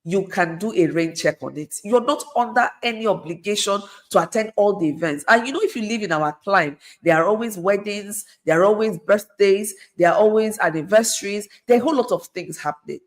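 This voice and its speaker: A woman's voice: medium pitch, a little fast, hardly any pauses. A middle-aged woman, speaking as a guest in an earnest, conversational way and repeating phrases for emphasis. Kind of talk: conversational advice talk.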